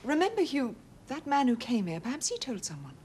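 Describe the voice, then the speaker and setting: An actress playing an anxious wife who speaks in an earnest, insistent, emotional way. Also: female voice, high-pitched, wildly swooping pitch, a little fast, a little mellow, slight background noise. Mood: helpful. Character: anxious wife, troubled by past betrayal.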